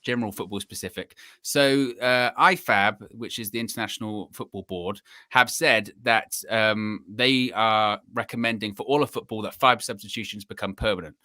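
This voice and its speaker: A man hosting a casual live football chat stream, animated and repeating himself for emphasis. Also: fairly low pitch, normal speed, few pauses, no room sound, clean studio sound. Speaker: host.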